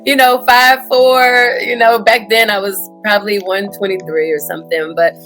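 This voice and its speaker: A woman's voice: mid-range voice, level tone, moderate pace, a bit bright, faint music behind. Earnest woman tennis coach with a Houston accent. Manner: earnest, fillers like "you know" and "um". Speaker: high school tennis coach. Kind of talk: interview answers.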